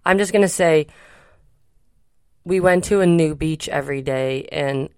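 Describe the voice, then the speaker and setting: A woman's voice: deep voice, measured pace, clear, resonant tone, no room sound, studio quality. A woman co-hosting a podcast, telling a travel story in a chatty, rambling way with many fillers. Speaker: podcast co-host. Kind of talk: casual chat.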